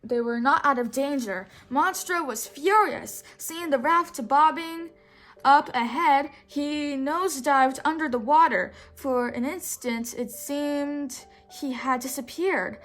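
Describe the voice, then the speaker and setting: High-voiced woman reading a storybook. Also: slow, a bit bright, faint music behind, rough recording. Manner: stumbles and rereads words. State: sore throat. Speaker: storybook reader. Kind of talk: reading a picture book aloud.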